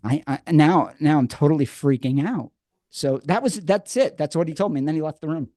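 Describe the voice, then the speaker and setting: Gravelly-toned, dark-voiced storyteller man. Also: a little high, brisk, no room sound, clean studio sound. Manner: animated storyteller, acts out quotes, repeats and restarts words. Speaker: podcast guest, addiction program co-creator. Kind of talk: conversational storytelling.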